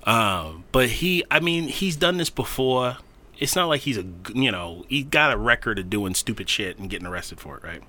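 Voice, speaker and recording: Animated, bright-voiced man telling stories. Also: medium pitch, moderate pace. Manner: animated storytelling, swearing, laughing, acting out quotes. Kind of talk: casual profane chat.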